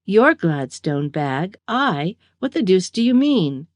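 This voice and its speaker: A woman reading the part of a baffled, indignant English gentleman in an audiobook. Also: fairly low pitch, very animated, slow pace, no echo. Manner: bewildered, then affronted.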